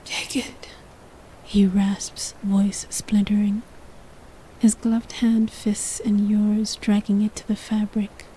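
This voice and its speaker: A woman narrating a second-person story in a slow, hushed, breathy whispered role-play. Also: mid-range voice, monotone, a little hiss or hum, low-quality recording.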